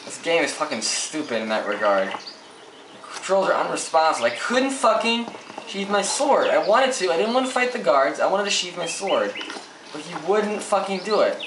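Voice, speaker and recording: A man's voice: a little high, sing-song, moderate pace. A man giving live commentary over a role-playing game, swearing and ranting often. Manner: profane, frustrated ranting. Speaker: gameplay commentator. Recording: echoey, distant mic, noisy game sound. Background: game audio with ambience.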